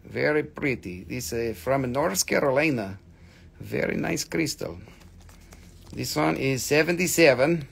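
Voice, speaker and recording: A man's voice: medium pitch, animated, a little slow, gravelly, husky. A man in his forties from America, hosting a live crystal sale with playful, rambling banter. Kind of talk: joking live-stream sales chat.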